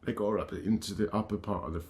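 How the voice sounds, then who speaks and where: A man hosting his own channel, telling a painful personal story in a halting, emotional way, full of restarts. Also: on the low side, fairly even intonation, a little mellow. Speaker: channel host.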